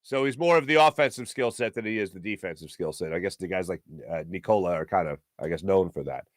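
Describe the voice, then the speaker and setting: A man hosting a sports talk show, delivering an opinionated solo monologue with emphatic swings in pitch. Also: animated, fast, no room sound.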